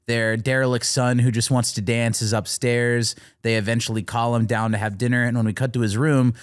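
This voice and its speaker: Smooth-voiced male podcast co-host. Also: mid-range voice, little pitch movement, a little fast, no echo, clean studio sound. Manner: thoughtful, analytical. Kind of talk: casual chat.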